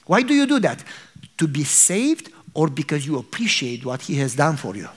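A male pastor delivers a sermon in a fairly high voice. He tells his story animatedly and acts out the dialogue as he goes. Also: very animated, normal speed, breathy edge.

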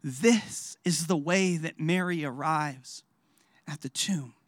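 A man preaching a sermon. He speaks emphatically, repeats phrases for weight, asks rhetorical questions and lets his phrases fall quiet and low at the end. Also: slow, no room sound, clean studio sound. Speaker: pastor.

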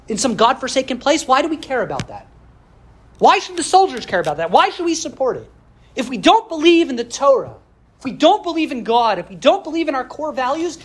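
A woman with a mid-range voice teaches a Jewish history class for a podcast. She speaks earnestly, building her points through rhetorical questions and weaving in Hebrew religious terms. A little hiss or hum is audible.

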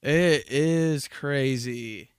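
A young man hosting a casual solo podcast, ranting profanely and acting out mocking quotes in shrill voices. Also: extremely slow, clear, resonant tone, dry recording, studio quality. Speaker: podcast host.

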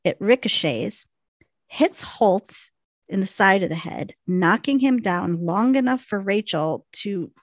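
A woman co-hosting a podcast, retelling a TV episode in a quick, animated way. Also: mid-range voice, no echo. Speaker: podcast co-host recapping a TV episode. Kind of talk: casual recap storytelling.

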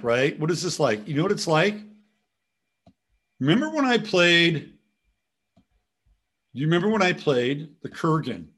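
A man's voice: a little high, a bit bright, breathy edge. A man hosting a casual commentary show, rambling from topic to topic and now and then talking to his dog. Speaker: host.

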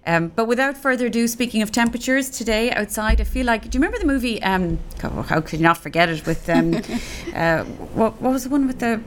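A woman's voice: a little high, lively intonation, brisk, hardly any pauses, a little hiss or hum. Woman hosting a podcast, rambly chatty talk, lots of ums, studio mic. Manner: chatty and rambling, with many fillers. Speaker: podcast host. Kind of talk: casual chat.

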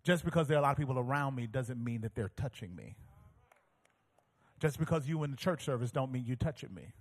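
A preacher doing a calm authoritative male teacher. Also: medium pitch, husky, in a large hall, pitched below the performer's own voice. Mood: solemn. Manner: measured, solemn, instructive.

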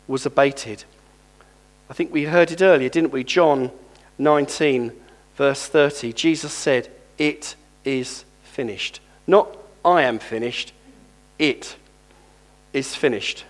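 A male preacher giving a sermon, reading scripture aloud and lively calling on the congregation to respond. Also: on the high side.

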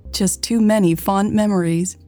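A woman's voice: mid-range voice, steady tone, moderate pace, dark tone, soft background music, natural voice. A woman reading aloud and voicing a nervous, shy young woman in love who stammers when flustered. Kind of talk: read-aloud story dialogue.

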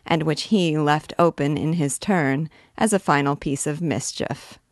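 A woman, a literature teacher, reading a classic novel aloud in a clear, expressive way. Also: low-pitched, no echo, clean studio sound.

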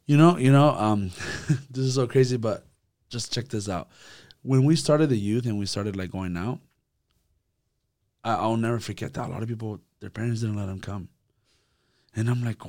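A man leading a church youth group discussion, animated and repetitive, acting out quotes as he talks. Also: medium pitch, normal speed. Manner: animated, acts out quotes, repeats words. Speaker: youth leader.

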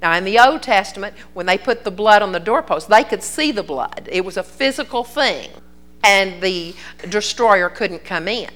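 A woman's voice: mid-range voice, expressive, moderate pace, a bit bright. An older woman delivers a sermon in a folksy, conversational way. She tells her stories with earnest conviction. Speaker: preacher.

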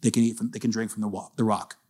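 A man doing a hushed, solemn voice of God. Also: little pitch movement, racing, husky. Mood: grave. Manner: low and hushed. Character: stern male God, solemn and final.

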